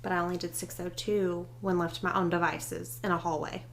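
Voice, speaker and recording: A woman's voice: on the low side, flat delivery, fairly quick, a little hiss or hum. A woman co-hosting a casual chat podcast, talking freely and quoting her own thoughts aloud. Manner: chatty, quotes her own thoughts, laughs easily. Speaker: podcast co-host.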